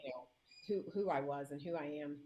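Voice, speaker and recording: Woman mayor guest, low voice, emotional storyteller, casual interview. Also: a little fast, warm tone, highs cut off, slight background noise. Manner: emotional, acts out quotes in her story. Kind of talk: heartfelt campaign storytelling.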